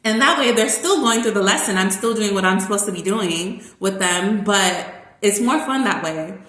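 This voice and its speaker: A woman who works as a teacher, talking in a casual, rambling vlog monologue full of fillers and lively asides. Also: medium pitch, normal speed. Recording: roomy echo.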